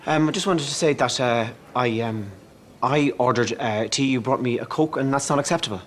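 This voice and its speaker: A man's voice: medium pitch, moderate pace, slight background noise, lightly acted. An actor playing a mild-mannered, middle-aged sitcom father who gets flustered, hesitant and defensive. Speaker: sitcom character, family father. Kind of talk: sitcom acting.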